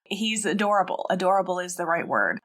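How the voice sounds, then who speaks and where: A woman's voice: lowish voice, very animated, brisk, fairly bright tone. A woman co-hosting a podcast, chatting casually, riffing on jokes and laughing often. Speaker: podcast co-host. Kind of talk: casual chat.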